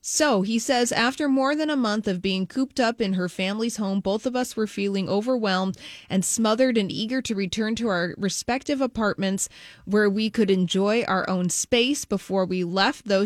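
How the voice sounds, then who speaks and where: A woman co-hosting a casual celebrity gossip chat, telling stories in a lively way and reading out news items. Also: mid-range voice, moderate pace, no echo, studio quality. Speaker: podcast co-host.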